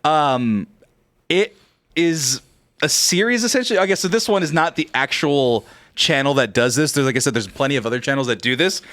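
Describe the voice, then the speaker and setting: A man's voice: fairly high pitch, expressive, moderate pace, fairly bright tone. A man co-hosting a casual podcast, talking animatedly, laughing often and swearing casually. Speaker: co-host.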